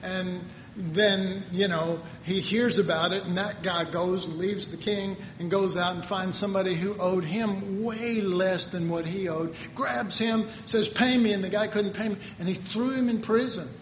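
A man's voice: high voice, fairly even intonation, measured pace, a little hiss or hum. A man, preaching a conversational sermon with personal stories. He tells them in an earnest, folksy way and builds to emphatic preaching. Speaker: pastor. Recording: echoey hall with faint ambience.

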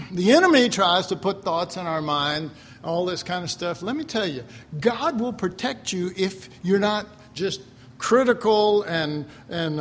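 Pastor guy preaching, kinda high voice, super conversational, tells stories and does little voices. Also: a bit bright, slight background noise. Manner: acts out quoted voices. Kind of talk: sermon.

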